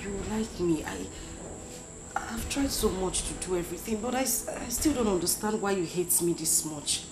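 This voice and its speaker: A woman's voice: medium pitch, expressive, moderate pace, music in the background, lightly acted, poor audio. A woman with a Nigerian accent playing a young woman who stammers as she pleads for a prince's love. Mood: pleading.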